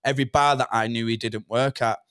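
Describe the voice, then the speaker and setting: A man's voice: medium pitch, steady tone, brisk, fairly bright tone, smooth, no room sound, clean studio sound. A young man telling a rambling story from his past, with swearing and lots of "do you know what I mean". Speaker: podcast guest. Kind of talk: casual storytelling.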